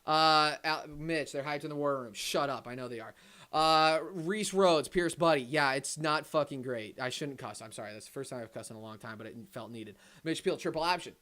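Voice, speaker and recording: A young man hosting a live watch-party stream, reading chat aloud and ranting, swinging between loud outbursts and low muttered asides. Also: normal speed. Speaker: livestream host.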